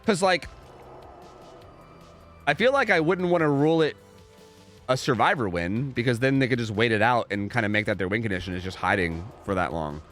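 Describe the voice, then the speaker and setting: A man's voice: medium pitch, brisk, pauses often, a bit bright, soft background music. A young man casually commentating a game live on stream, rambling, repeating himself and swearing freely.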